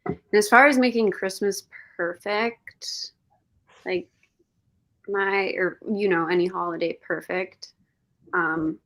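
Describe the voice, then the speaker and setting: A woman on a video call, speaking in a soft, hesitant way with many pauses and fillers. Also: medium pitch, fairly even intonation. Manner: slow, hesitant, soft-spoken. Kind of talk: casual talk, video call town hall.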